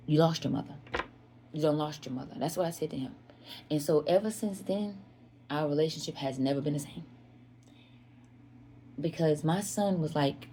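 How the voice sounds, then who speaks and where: A woman speaks in a fairly low voice, telling a candid personal story straight to her audience. She is emphatic and confessional and circles back over her own words. A faint hiss of noise sits under the recording. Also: dark tone. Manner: emphatic, repeats herself, often addresses listeners as "y'all"; confessional and earnest.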